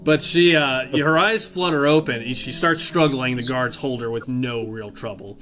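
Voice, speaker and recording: A man narrating a tabletop game as game master, hesitant with many pauses and fillers, with faint guitar music behind. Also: mid-range voice, sharp tone.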